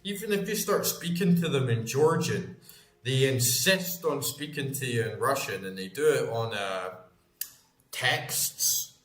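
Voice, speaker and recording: A man's voice: medium pitch, expressive, unhurried, a bit bright, roomy sound. A Scottish man in his thirties, a gaming streamer chatting casually and rambling as he plays, swearing freely. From Scotland. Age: 30s. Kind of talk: casual chat while gaming.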